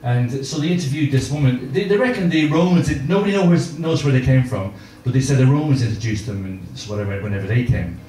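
A man's voice: mid-range voice, lively intonation, quick pace, few pauses, mellow, a little hiss or hum. A middle-aged man doing stand-up, telling rambling self-mocking stories with filler words, at a live gig. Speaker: stand-up comedian. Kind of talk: stand-up storytelling. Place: live comedy gig venue. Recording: echoey room from far off.

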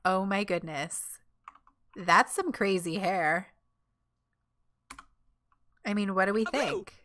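A young woman giving casual, giggly let's-play commentary, gushing and voicing her character in quick asides. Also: medium pitch, sharp tone. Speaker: gameplay commentator.

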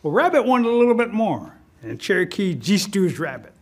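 Animated male storyteller. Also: high-pitched, moderate pace. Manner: animated, expressive. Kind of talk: oral folk storytelling.

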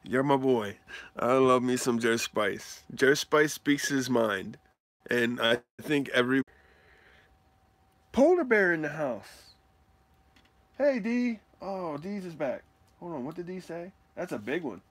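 A man chats live with his viewers while he opens mail, his voice bright and lively and his pace slow and drawn out. He whoops and laughs often, and the sound is dry and close. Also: medium pitch, dry recording. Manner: animated, whoops and laughs often, talks to chat. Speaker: card collecting live streamer. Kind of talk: excitable live stream mail-day chat.

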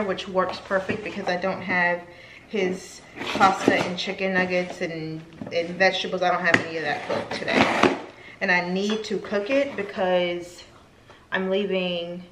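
A woman's voice: mid-range voice, background noise. A woman in her thirties chatting casually to camera at home as a lifestyle vlogger, rambling and talkative. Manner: chatty, rambling, gets emotional at times. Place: home, indoors. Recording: echoey room.

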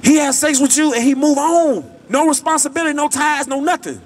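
High-voiced preacher man on the street. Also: brisk. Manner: emphatic, repetitive, colloquial. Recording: distant mic, traffic noise.

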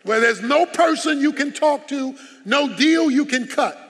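A man's voice: extremely high pitch, animated, measured pace, a bit bright. A man preaching a sermon as pastor, emphatic and full of rhetorical questions. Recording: long hall reverb.

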